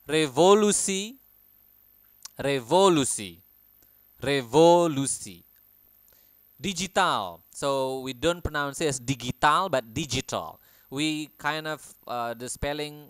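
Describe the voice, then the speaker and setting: Brief: young man, language teacher, smooth fairly high voice, dry close sound, patient word-by-word repetition. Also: a bit bright, no room sound. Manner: repeats each word slowly and clearly, then explains. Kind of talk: pronunciation lesson.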